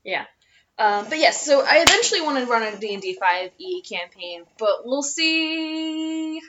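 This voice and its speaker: A woman's voice: mid-range voice, expressive, a little fast, fairly bright tone, highs cut off, slight background noise. A woman in her twenties, a player and podcast co-host, chatting casually with many fillers and rambling asides. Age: 20s.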